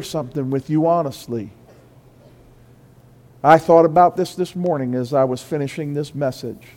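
A pastor preaching a sermon in a church, moving between quiet confession and loud, high-pitched exhortation. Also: male voice, normal speed, pauses often, in a large hall. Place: church sanctuary.

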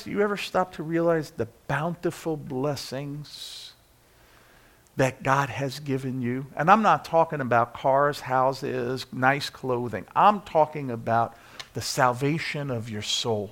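A man preaching a sermon in church, talking to the congregation with rhetorical questions, singing bits of a hymn and moving from quiet to loud. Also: on the high side, expressive, slow pace. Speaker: pastor.

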